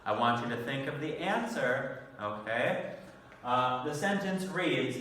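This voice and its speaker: A man teaching an online English vocabulary lesson, speaking slowly and patiently with careful pronunciation. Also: mid-range voice, expressive, a bit bright, far from the mic, slight background noise. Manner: slow, patient, clearly enunciated teacher talk. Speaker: ESL teacher. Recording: echoey room, voice off-mic.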